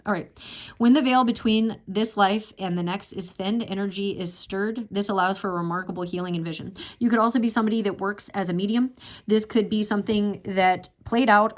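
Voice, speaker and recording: A woman with a mid-range voice does a relaxed tarot reading, wandering emotionally through her thoughts aloud and whispering when she reads to herself.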